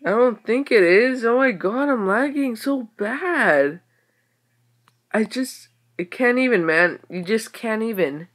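A young woman giving casual game commentary, excitable, exclaiming and muttering to herself as she plays. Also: on the high side, slow. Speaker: gaming video creator.

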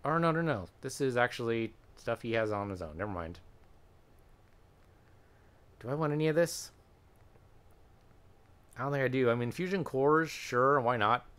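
A man's voice: medium pitch, lively intonation, normal speed, long pauses, fairly bright tone, clean tone. A man giving chatty, wry commentary while playing a video game, thinking aloud with frequent hesitations. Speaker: gaming channel host. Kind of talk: let's play commentary.

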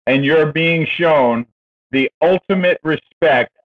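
Guy hosting a chat show, eager, sounds like he's on a phone line, a bit high. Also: takes it slowly. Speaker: podcast host. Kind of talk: casual interview chat.

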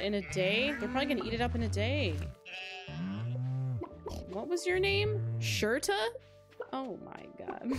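A young woman streaming a game live, chatting to her viewers in a giggly, rambling way with lots of fillers. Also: a little high. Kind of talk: casual live-stream chat while playing. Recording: game music playing behind. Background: game music.

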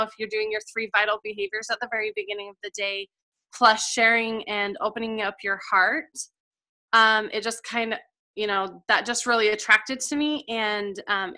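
Chatty thirtysomething woman, bright tense voice, kinda high, gets emotional telling her story. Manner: chatty and emotional, many fillers. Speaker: guest coach sharing her story. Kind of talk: casual heartfelt testimonial.

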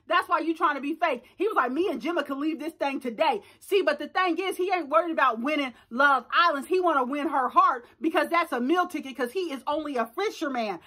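A woman recapping a reality show in casual chat, animated and slangy, acting out bits of dialogue with loud exclamations and quick asides. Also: high voice. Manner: slangy, playful reenactments of dialogue. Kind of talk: casual reaction chat to camera.

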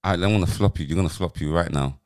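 A man's voice: low-pitched, fast, darkish tone. A man in his forties co-hosting a podcast, blunt and teasing, swearing a lot in casual banter. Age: 40s. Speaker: podcast co-host.

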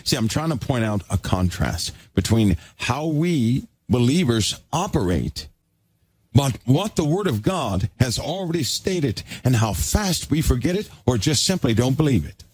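A man's voice: medium pitch, very animated, a little slow, darkish tone, slightly rough, no echo. A man preaching a sermon in an emphatic, exhorting way.

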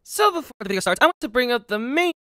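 A man's voice: extremely high pitch, big pitch swings, fast talker, loud music behind the voice. A man doing commentary on his own channel, talking casually and ranting, often saying "like". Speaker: commentary YouTuber. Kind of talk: commentary vlog.

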